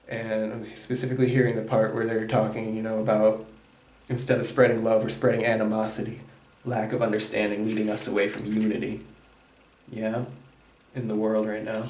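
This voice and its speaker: Halting man giving a tarot reading. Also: on the low side, little pitch movement, a little mellow. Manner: halting, searching delivery with many restarts. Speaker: tarot reader. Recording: roomy echo, distant mic.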